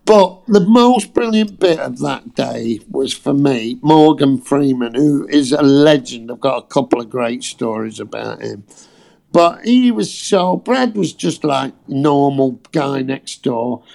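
A man's voice: mid-range voice, slow pace, vocal fry. A British man telling casual, foul-mouthed anecdotes as a guest. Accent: British English. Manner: swears freely, lively storyteller.

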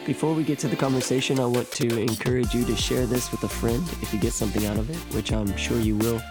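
A man hosting a podcast with a hoarse, worn voice, speaking in a friendly and earnest way as he introduces and interviews a guest. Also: mid-range voice, fairly even intonation, fast, music in the background. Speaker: podcast host.

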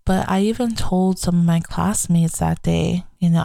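A woman's voice: lowish voice, fairly even intonation, gravelly, mellow, no room sound. A young adult woman hosting a faith podcast, talking candidly and reflectively in a casual way. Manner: candid, reflective, slow-paced. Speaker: podcast host.

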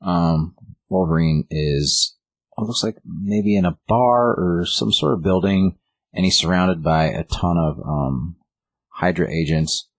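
A man's voice: deep voice, slow pace, no room sound. A man casually recapping a comic book story on a podcast, rambling with lots of fillers and restarts. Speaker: podcast co-host.

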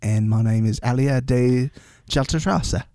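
A man's voice: mid-range voice, moderate pace, dark tone, dry recording, clean studio sound, natural voice. A man doing a clumsy, jokey attempt at a New Zealand accent for a silly character who calls herself a bunch of rocks. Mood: goofy. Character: goofy young Kiwi woman, a bunch of rocks.

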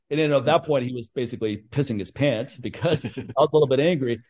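A man hosting a casual chat, telling stories in a blunt, profane, animated way. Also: fairly high pitch, fast talker, hardly any pauses. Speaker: podcast host.

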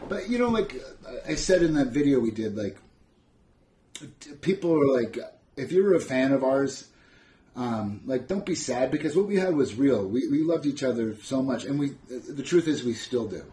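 A man's voice: medium pitch, animated, normal speed, mellow. Blunt, sardonic man. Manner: sardonic, blunt, swears freely. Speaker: podcast host answering live chat questions. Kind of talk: casual live-stream Q&A.

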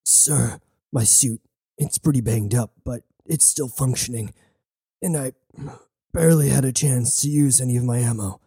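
A man voicing a badly wounded lieutenant who speaks quietly and weakly, resigned to his fate. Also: medium pitch, moderate pace, husky, no echo.

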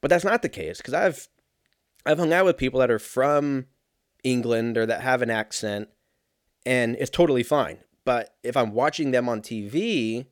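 A man's voice: mid-range voice, normal speed, no room sound, clean studio sound. A man in his thirties talking in a casual, meandering way, swearing often and poking fun at himself. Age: 30s. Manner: profane, meandering, self-mocking. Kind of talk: casual rambling monologue.

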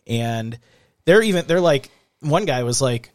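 A man's voice: medium pitch, animated, measured pace, no echo, studio quality. A man hosting a casual true-crime podcast late at night, reading quotes aloud and then chatting loosely. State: tired, recording late at night. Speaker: podcast host.

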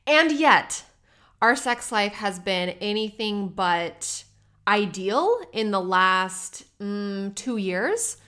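A young woman talks straight into her podcast mic, chatty and candid. She speaks off the cuff, full of asides and quick restarts, with a lively, animated delivery. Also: a little high. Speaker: podcast host. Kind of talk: unscripted solo podcast talk.

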